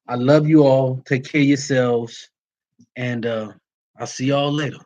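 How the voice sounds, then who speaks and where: Casting: plain-spoken male Vodou priest, mid-pitched, casual address to followers, slightly dull audio. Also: fairly even intonation, a little slow, darkish tone. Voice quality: folksy and plain-spoken, uses y'all. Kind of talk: casual livestream talk to followers.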